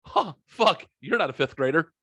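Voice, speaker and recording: A man's voice: on the high side, animated, moderate pace, gravelly, fairly bright tone, slightly rough, no echo, pitched above the performer's own voice, exaggerated voice. A frail old stadium usher with a quavering edge, one who snaps from polite to crude without warning, as a man puts him on. The voice sits close to the mic in a dry space. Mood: startled. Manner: shaky, then blurting.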